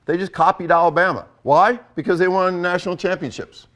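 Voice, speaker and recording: Older male coach, higher-pitched, blunt and emphatic delivery. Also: steady tone, brisk, fairly bright tone. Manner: blunt, emphatic, repeats for effect. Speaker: football coach. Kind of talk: coaching talk.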